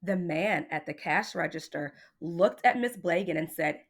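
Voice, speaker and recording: A woman reading a picture book aloud in an expressive, playful way. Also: fairly low pitch, a little slow, slightly rough. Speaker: storybook reader.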